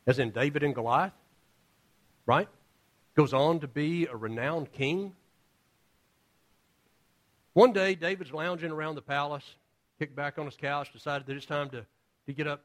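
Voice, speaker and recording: A male pastor preaching a sermon in a casual, storytelling way, acting out the characters in his stories. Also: on the high side. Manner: casual, storytelling with acted-out voices.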